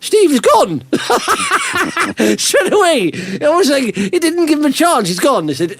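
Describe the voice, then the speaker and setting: A man hosting a casual podcast, joking and animated, with frequent restarts and laughs. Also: very high voice, unhurried, creaky, few pauses, no room sound. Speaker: podcast host. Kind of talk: casual banter.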